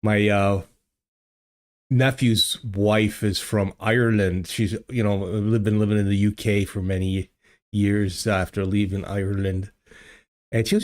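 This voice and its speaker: Chatting with viewers on a relaxed livestream from his home studio, an older male host rambles through lots of fillers and restarts. His voice is lowish, level, unhurried, and a little mellow, picked up by a desk microphone.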